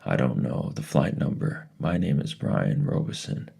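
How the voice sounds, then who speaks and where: A frightened teenage boy stranded in a plane pleads for help over the radio, as a man reads him out. The voice is extremely deep and gravelly, with a dark, husky tone. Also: lively intonation, normal speed, exaggerated voice. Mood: pleading. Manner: pleading, desperate.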